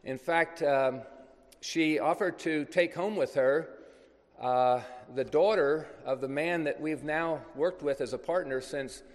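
A man with a fairly high voice tells a missionary story to a congregation. He talks loosely and conversationally, pausing as he goes. The sound rings with the long reverb of a large hall. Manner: conversational, anecdotal, loose with pauses. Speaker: missionary speaker. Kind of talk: church talk telling a ministry story.

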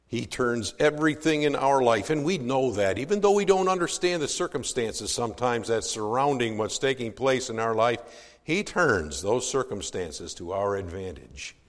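A pastor preaching a sermon, moving from hushed, low passages to loud, emphatic declarations. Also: male voice, very animated, moderate pace, in a large hall.

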